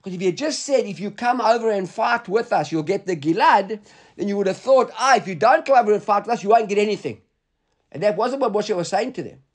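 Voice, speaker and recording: Guy with a high voice going through a talmud page, reads the then explains it. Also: animated, brisk. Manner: reads Hebrew and Aramaic text aloud then explains in English. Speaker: Talmud teacher.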